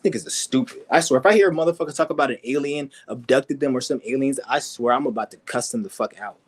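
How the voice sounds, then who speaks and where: A man giving a profane, aggressive ranting monologue, mocking and swearing constantly. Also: fast talker. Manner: mimics people in high whiny voices. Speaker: vlogger.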